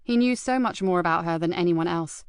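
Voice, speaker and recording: A woman narrating an audiobook in a measured, even storytelling manner. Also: fairly low pitch, smooth, no room sound, studio quality. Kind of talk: scripted narration.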